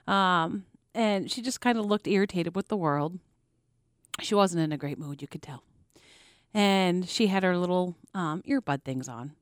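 A woman's voice: on the low side, measured pace, clean tone, dry recording, clean studio sound. A young adult woman co-hosting a casual chat, telling a story with lots of laughter and acted-out quotes. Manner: animated storyteller, laughs often, acts out quotes. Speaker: podcast co-host.

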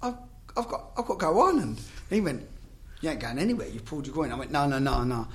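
A man's voice: on the high side, animated, fast talker, a bit bright. A man, a former footballer, telling stories in casual chat, swearing freely and acting out the dialogue.

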